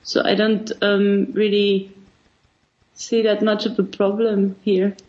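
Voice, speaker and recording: A woman's voice: medium pitch, completely flat delivery, takes it slowly. Hesitant woman on a muffled call. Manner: hesitant, many ums. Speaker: panelist. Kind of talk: panel discussion.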